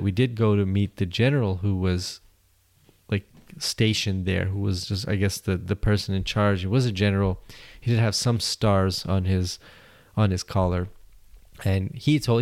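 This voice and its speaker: A man's voice: deep voice, fairly even intonation, moderate pace, a little mellow. A man hosting a podcast, telling a travel story in a rambling way with many fillers and restarts. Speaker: podcast host.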